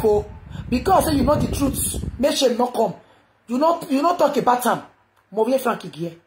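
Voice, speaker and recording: A Nigerian woman ranting on a live video, shouting and chanting slogans between mutters. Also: high voice. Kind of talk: impassioned live-stream rant. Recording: echoey noisy live phone video.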